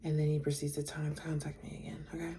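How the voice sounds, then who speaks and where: Woman, young adult, casual storytime, flat delivery, candid, talks straight to viewers. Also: low voice, fast talker, slight background noise. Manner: candid, blunt, swears freely, talks to viewers directly. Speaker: storyteller reading out texts.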